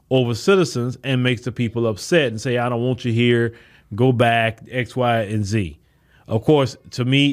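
A man hosting a solo podcast, giving impassioned commentary in with rhetorical questions to his listeners. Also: medium pitch. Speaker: podcast host.

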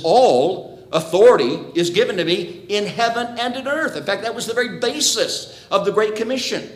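A man's voice: high voice, fairly bright tone. A man preaching a sermon to his congregation, earnest and emphatic, asking rhetorical questions. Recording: roomy echo.

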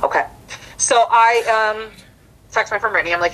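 A young American comedian with a higher-pitched voice tells a story at normal speed on a casual podcast as a guest. She's animated and acts out the people involved, though the recording quality is low.

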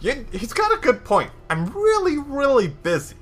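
A jittery official with a sharply raised voice, as a man puts him on, stammering and hedging around every question. His pitch swings widely as he dodges. The tabletop session has faint music behind it. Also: huge pitch swings, moderate pace, fairly bright tone, full character voice. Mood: flustered. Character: nervous evasive male magister, middle-aged official.

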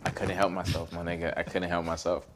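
A young man casually telling a story on a podcast, getting loud and heated as he acts out an argument. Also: deep voice, fast, a little hiss or hum. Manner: animated storyteller, gets loud and heated when retelling the fight.

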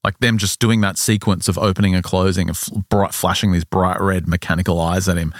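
A man hosting a podcast, telling a story in a casual, animated way and acting out the characters' lines. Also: low voice, fairly quick, dry recording, clean studio sound.

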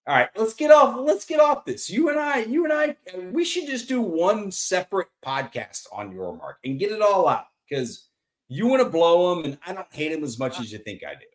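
A man's voice: on the high side, moderate pace. A man co-hosting a sports podcast, joking and swearing in casual chat. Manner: animated, joking, profane. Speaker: podcast co-host.

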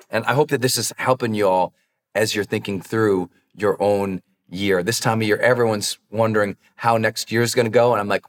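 A man's voice: lowish voice, fairly even intonation, moderate pace. Earnest male coach with echoing reverb. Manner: earnest, direct, coaching challenge with warm asides. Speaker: high performance coach. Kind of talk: motivational podcast talk.

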